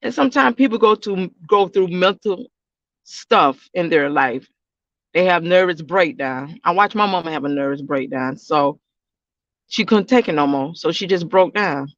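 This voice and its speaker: High-voiced man, loose casual vlog talk. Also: expressive, moderate pace, a bit bright, no room sound, muffled recording. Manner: rambling, repeats himself, talks straight to viewers. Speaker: YouTube reaction channel host.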